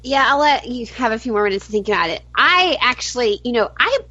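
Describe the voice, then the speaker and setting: A woman co-hosting a podcast, bubbly and giggly, gushing with animated energy. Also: fairly high pitch, a little fast, no room sound. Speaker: podcast co-host. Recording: dull lo-fi audio.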